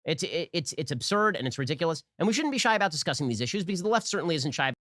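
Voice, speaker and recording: A man delivering a rapid, combative political monologue, emphatic and argumentative. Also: on the high side, big pitch swings, fairly bright tone, dry recording, studio quality. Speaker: political commentator.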